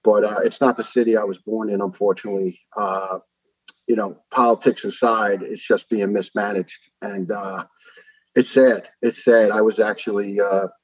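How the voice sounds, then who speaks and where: New york guy, 50s, low voice, earnest rambling stories with uhs, dull dry audio. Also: fairly even intonation, moderate pace, slightly rough, no room sound. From New York City. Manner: earnest storytelling with many uhs. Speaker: podcast guest. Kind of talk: casual interview talk.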